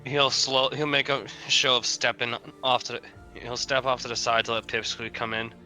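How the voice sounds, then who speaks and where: Male player, very bright tense tone, chatty, faint music behind. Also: medium pitch, flat delivery, moderate pace, poor audio. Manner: chatty, laughs between lines. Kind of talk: casual tabletop role-play.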